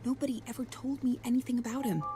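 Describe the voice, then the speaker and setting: An actress voicing a frightened young wife in a video game, speaking in a breathy, anxious half-whisper. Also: female voice, on the high side, fairly even intonation, fast talker, close to an everyday voice. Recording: game audio with music behind.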